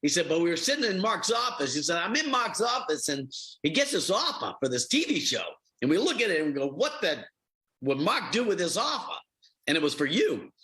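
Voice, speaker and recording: A man's voice: on the high side, big pitch swings, fairly quick, pushed and bright, rough recording. A middle-aged man, a TV host, answering interview questions as an affable storyteller. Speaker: reality show host.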